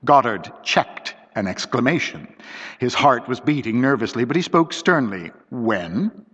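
A man reading a story aloud as an audiobook narrator, in a steady, deliberate storytelling manner. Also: mid-range voice, slightly rough. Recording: dull lo-fi recording with long reverb.

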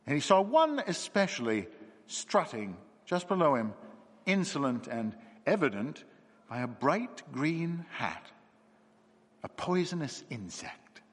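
A man voicing a gentle, perceptive little priest who speaks gravely and calmly. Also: on the high side, slow, pitched above the performer's own voice, heavily acted. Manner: grave, quiet and calm. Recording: long hall reverb.

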